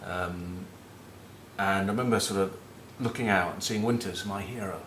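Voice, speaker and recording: A former rugby captain, middle-aged and from northern England, rambles cheekily and swears his way through casual match talk and anecdotes in a Northern English accent. He has a deep voice with a fairly bright tone and speaks at normal speed. The sound is roomy, with slight background noise.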